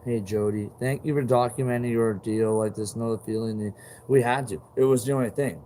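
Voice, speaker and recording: A man's voice: mid-range voice, steady tone, brisk, warm tone, a little hiss or hum. A man talking straight to his viewers in a rambling monologue, agitated and profane, full of fillers and repeated questions.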